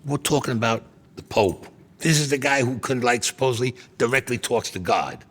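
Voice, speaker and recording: A man's voice: mid-range voice, animated, moderate pace, fairly bright tone. An older man telling a story in a blunt, streetwise way and swearing freely. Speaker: interviewee. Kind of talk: casual storytelling.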